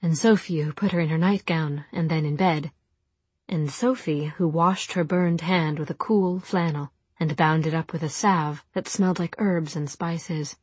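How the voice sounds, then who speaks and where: A woman reading a novel aloud in calm, even narration. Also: low voice, unhurried, slightly rough, no echo. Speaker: audiobook narrator. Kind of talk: scripted narration.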